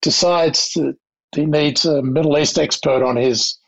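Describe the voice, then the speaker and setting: Older Australian man, gravelly and husky, reflective interview guest, slightly dull recording. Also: fairly high pitch, steady tone. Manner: anecdotal, measured, with restarts. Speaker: guest, diplomat.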